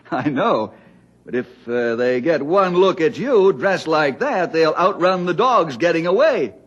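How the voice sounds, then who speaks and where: An actor playing a calm, friendly male forest ranger who speaks in a steady, reassuring way, in 1950s radio drama style. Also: a little high, slow pace. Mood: amused. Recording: dull lo-fi old radio recording.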